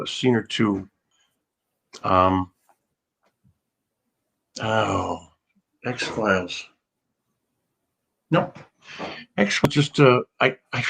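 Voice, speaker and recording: A man's voice: medium pitch, vocal fry, a bit bright, low-quality recording. An older man, an actor, telling rambling, anecdotal stories in a casual interview, with many restarts.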